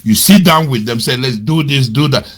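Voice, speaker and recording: A man with a husky voice, giving angry, scornful political commentary. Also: moderate pace. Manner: scornful, indignant, repeats insults, swings between loud outbursts and low mutters. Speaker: commentator on a web radio show. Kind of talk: angry political commentary, reading out and mocking quotes.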